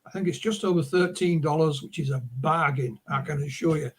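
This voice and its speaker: A man in middle age talks as an interview guest, winding through stories full of asides. His voice sits a little high and has a husky edge. He sounds casual and anecdotal rather than scripted. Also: fairly quick. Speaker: author and publisher guest. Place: remote interview call.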